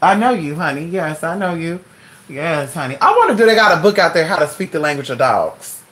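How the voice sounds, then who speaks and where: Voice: mid-range voice, big pitch swings, a little fast, fairly bright tone. A host chatting casually at home with viewers, calling everyone "honey" and talking to their dog between remarks. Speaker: live-stream host.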